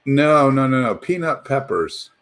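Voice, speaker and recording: A man hosting a casual live chat, lively and rambling, laughing often. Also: mid-range voice, a little slow.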